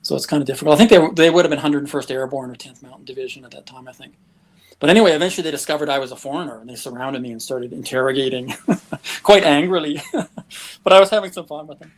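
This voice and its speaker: A man's voice: fairly high pitch, quick pace. A man, a guest telling travel stories in a casual interview, breaking into chuckles. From Canada. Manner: lively anecdotes, chuckles often.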